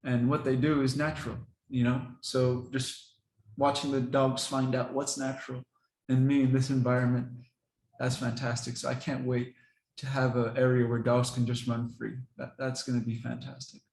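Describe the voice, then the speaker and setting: A man casually explaining how he trains his dogs, relaxed and rambling, laughing often. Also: medium pitch, moderate pace, vocal fry, roomy sound, poor audio. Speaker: dog owner explaining training. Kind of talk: casual talk to camera.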